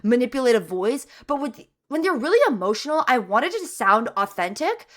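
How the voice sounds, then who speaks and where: A woman's voice: on the high side, sing-song, brisk. A young woman voice actor chatting animatedly as she reacts to her show and acts out lines. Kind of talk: casual reaction commentary.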